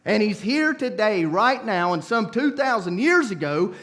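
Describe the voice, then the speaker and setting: A man preaching a sermon in a church, swinging from soft, hushed pleas up to loud, impassioned climaxes. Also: high voice, very animated, a little slow, hardly any pauses. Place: church sanctuary.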